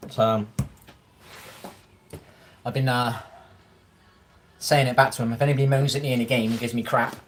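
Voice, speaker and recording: A man chatting casually on a live stream while eating, colloquial and quick to laugh. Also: medium pitch, fairly even intonation, a little hiss or hum. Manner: chatty, laughs often, mouth full at times; colloquial, swears freely.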